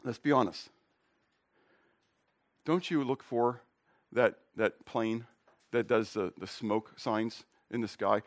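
A man's voice: medium pitch, slow, pauses often. A middle-aged male pastor preaching a conversational sermon, asking the congregation questions and telling jokes and personal stories.

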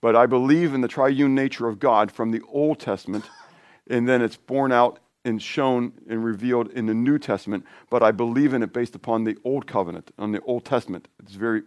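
A man preaching an informal sermon in a conversational, rambling way, with asides and restarts that turn lively and high when he gets excited. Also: dry recording, clean studio sound. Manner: lively, rising pitch when animated.

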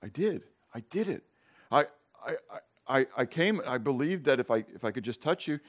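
Casting: man putting on a scared woman in a storytelling lesson, hushed and stammering, pitch swinging up and down. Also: lively intonation, normal speed, close to an everyday voice. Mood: sheepish. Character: frightened woman healed in a crowd.

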